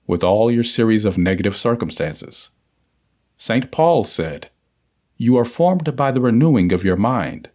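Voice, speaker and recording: A man reading a spiritual audiobook aloud in a measured, deliberate manner. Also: medium pitch, darkish tone. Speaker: audiobook narrator. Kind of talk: scripted audiobook narration.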